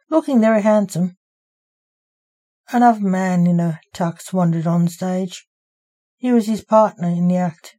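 A woman reading her own story aloud as its author, in an even, unhurried storybook narration. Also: lowish voice.

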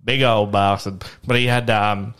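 Laid-back man, low voice. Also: little pitch movement, measured pace, fairly bright tone, clear, resonant tone. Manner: rambling, full of "like" and "um", laughs often. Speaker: podcast co-host. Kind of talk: casual banter. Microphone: podcast microphone.

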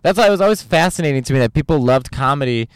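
Male stand-up comic, animated podcast chatter, smooth clear voice. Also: on the high side, no echo, clean studio sound. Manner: animated, rapid, full of restarts and impressions. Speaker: stand-up comedian. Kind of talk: casual podcast chat.

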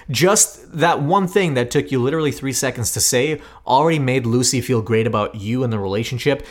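A man in his thirties, a podcast co-host, telling a story in a lively, self-deprecating way. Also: on the high side. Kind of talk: casual storytelling chat.

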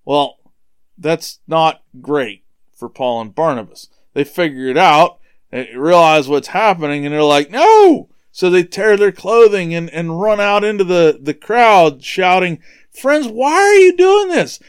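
A man's voice: on the high side, measured pace, clear, resonant tone, no room sound, clean studio sound. A man hosting a podcast, casually retelling a Bible story and sometimes stumbling over names. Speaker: podcast host.

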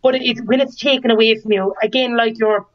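A woman's voice: fairly high pitch, brisk. A woman in her thirties, a podcast guest, telling a candid personal story with frequent laughter and acted-out quotes. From Ireland. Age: 30s. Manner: lively, laughs often, acts out quoted lines. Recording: dull lo-fi sound.

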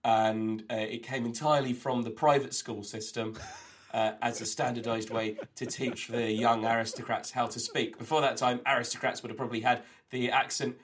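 A man's voice: medium pitch, flat delivery, moderate pace, a bit bright, slight background noise. A man co-hosting a comedy podcast over a remote call, rambling enthusiastically through trivia with lots of fillers and restarts. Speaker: co-host. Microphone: remote call, recorded on own end.

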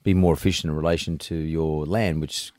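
Very deep-voiced Australian man hosting. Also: steady tone, brisk, darkish tone, dry recording, studio quality. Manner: blunt, rambling, frequent restarts. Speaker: podcast host. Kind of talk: casual interview.

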